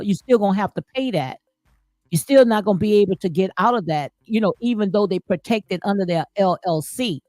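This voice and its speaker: A woman's voice: mid-range voice, a little mellow, dry recording. A woman hosting a live stream, reading viewer comments and answering in an emphatic, preachy way, full of folksy sayings and "honey.".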